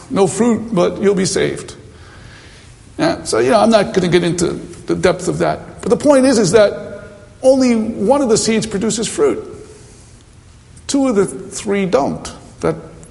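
A man preaches a sermon, moving between teaching and mission anecdotes with chatty asides. His voice sits high and carries a gravelly edge. The recording has the long reverb of a hall around him. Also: darkish tone. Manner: anecdotal, conversational, many asides. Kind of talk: sermon with storytelling.

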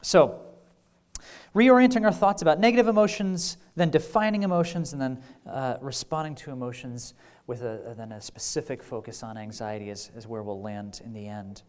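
A man preaching a teaching session with an easy, conversational manner. He sprinkles in "right?" checks and dry little jokes, and the fillers and restarts keep it relaxed. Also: medium pitch, normal speed. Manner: wry humor. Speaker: pastor. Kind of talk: conference teaching talk.

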